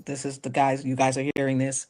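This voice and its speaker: A woman, a guest singer, chatting in an interview and telling animated stories. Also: very deep voice, a little fast. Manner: animated storyteller, acts out quotes. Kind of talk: casual interview chat.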